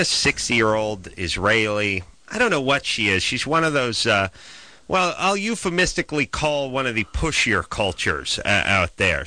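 A man's voice: on the low side, pushed and bright. A middle-aged man telling a story in casual comedic chat, ranting and sardonic.

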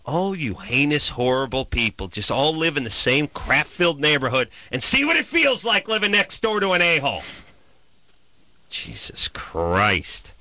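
A man telling a comic story as a profane, exasperated rant that swings into loud shouted bits. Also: fairly high pitch, sing-song, measured pace, no room sound.

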